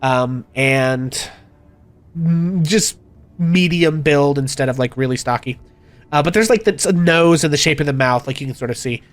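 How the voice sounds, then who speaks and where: A man's voice: on the high side, moderate pace, dry recording. A man narrating a tabletop game as game master, hesitant and full of fillers.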